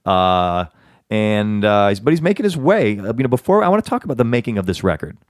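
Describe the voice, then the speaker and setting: A man's voice: lowish voice, sing-song, fairly quick, no room sound, studio quality. A man hosting a podcast, chatting in a rambling, talkative way that often interrupts itself. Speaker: podcast host. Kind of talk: casual interview chat.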